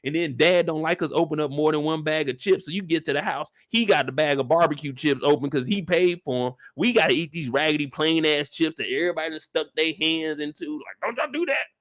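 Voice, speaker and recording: A man hosting a casual live after-show discussion, ranting comedically with heavy slang and swearing, and jumping into loud voices for the people he quotes. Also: a little high, fairly quick, few pauses. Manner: animated, comedic rant with lots of slang and swearing. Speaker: show reaction host.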